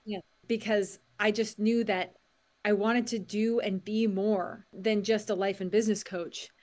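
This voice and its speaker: A middle-aged woman, a mindset coach and author, talking as a podcast guest, animated and acting out quotes with frequent laughs. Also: mid-range voice, measured pace. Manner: animated storyteller, acts out quotes and laughs often. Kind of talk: podcast interview.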